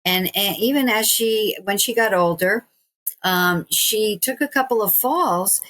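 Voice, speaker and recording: Woman, 60s, podcast guest, casual storytelling, animated, laughing, mid pitch. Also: unhurried. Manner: animated, acts out quoted voices, laughs often. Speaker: guest, stretching teacher.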